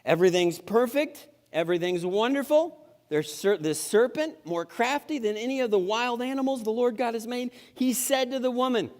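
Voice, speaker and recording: A man's voice: very high-pitched, expressive, moderate pace, darkish tone. A middle-aged male pastor preaching a sermon in a church sanctuary, in a conversational and humorous way with frequent restarts. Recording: long reverb in a church hall.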